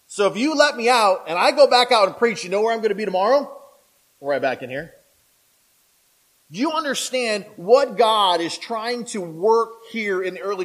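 A male pastor preaching a sermon in a conversational, animated way, asking the listeners questions and acting out the voices of people in the story. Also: high voice, low-quality recording. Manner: animated, acts out quoted voices; conversational, asks the audience questions.

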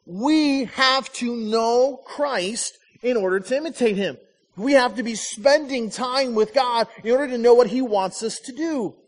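Male pastor from Michigan, fairly high voice, chatty sermon with storytelling, reverberant hall. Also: unhurried. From Michigan, USA. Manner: storytelling, acts out quoted voices. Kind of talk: conversational sermon.

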